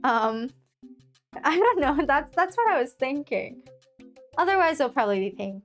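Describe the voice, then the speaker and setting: A woman's voice: high voice, sing-song, moderate pace. A young woman streaming, chatting casually with her viewers in a giggly, rambling way full of fillers and restarts. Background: faint music.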